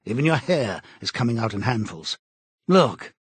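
A cold, commanding interrogator, read by a man in an audiobook, slow and contemptuous. His husky voice stays measured and dry, close to the mic, with a steady mid pitch. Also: no echo.

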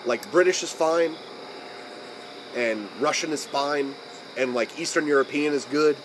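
An American man co-hosting a podcast, talking casually with frequent swearing and pausing to search for his words. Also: fairly high pitch, noisy background. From United States. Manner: rambling, profane, searching for words. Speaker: podcast co-host.

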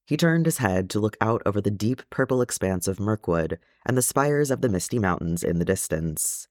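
A man narrating a fan fiction audiobook in a measured, gentle storytelling way. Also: lowish voice, expressive, no echo, clean studio sound. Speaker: audiobook reader.

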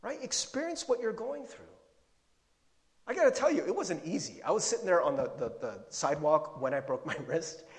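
High-voiced pastor preaching in a reverberant hall. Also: male voice, normal speed. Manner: conversational, animated, acts out his own worried thoughts. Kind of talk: sermon.

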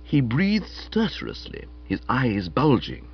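Animated man narrating a comic novel. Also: medium pitch, slow, vocal fry, slightly rough. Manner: animated, wry storytelling, characterful quotes. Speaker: audiobook reader. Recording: dull lo-fi recording.

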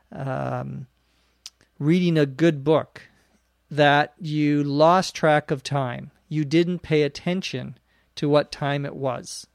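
Slow, careful male English teacher. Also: a little high, no echo, studio quality. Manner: slow, careful, spells words out. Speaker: podcast host and English teacher. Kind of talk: language lesson explanation.

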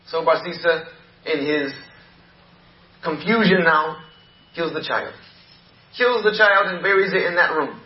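A man's voice: on the high side, measured pace, pauses often, roomy sound. Man preaching, emphatic repetitive storytelling, dull muffled sound. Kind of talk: storytelling sermon.

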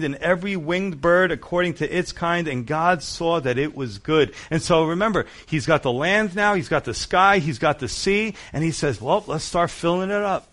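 An animated male pastor preaching verse by verse, his voice sitting a little higher than most men's. He talks with emphatic asides and quick repetitions, sometimes dropping low and soft, then lifting again. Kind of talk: sermon.

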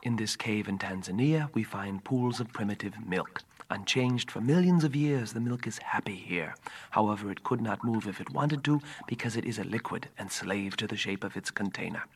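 A man's voice: on the low side, moderate pace, slight background noise, close to an everyday voice. A man giving solemn narration in a mock nature documentary.

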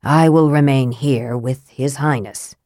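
Voiced by a woman, this young wizard is cool and calculating, delivering flat, measured lines. The recording is close and dry in the manner of an audiobook read, free of room sound, and his voice stays low and even.

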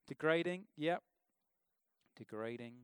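A man's voice: on the high side, expressive, takes it slowly, smooth, no room sound. A man preaching an informal sermon in a church, talking conversationally and asking the congregation questions.

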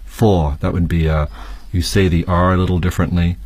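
A man's voice: low-pitched, level tone, fast talker, slightly rough, no echo. A Canadian man with a Canadian accent, a guest teacher reading a text and explaining with examples. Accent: Canadian English. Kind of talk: reading text and classroom chat.

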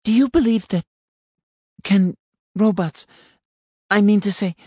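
A man voicing a distressed young woman, speaking in a raised, strained, halting voice. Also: a little high, expressive, a little mellow, breathy edge, dry recording, studio quality, pitched above the performer's own voice.

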